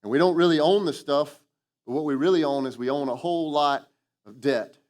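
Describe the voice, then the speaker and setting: A man preaching a sermon as lead pastor in a church, lively and animated, acting out quoted voices and calling for responses from the congregation. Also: a little high, brisk. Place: church sanctuary.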